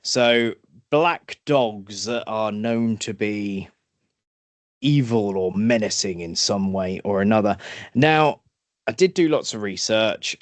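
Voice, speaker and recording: A man from East Anglia hosting a podcast, playful and quick to laugh, who moves into storytelling narration. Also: medium pitch, no room sound. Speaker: podcast host. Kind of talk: casual chat and storytelling narration.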